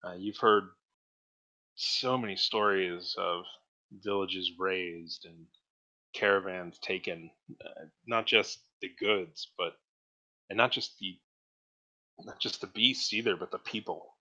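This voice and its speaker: Low-voiced man running a tabletop game. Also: slow, long pauses, muffled recording. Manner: relaxed, hesitant narration with many fillers. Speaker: game master.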